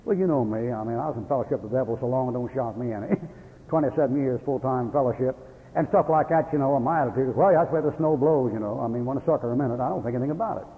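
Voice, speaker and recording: An older Baptist preacher talks at a quick pace in a mid-range voice, telling folksy stories with chuckles and breaking into angry rants. The old radio broadcast from a hall sounds tinny and phone-like, with a little hiss or hum.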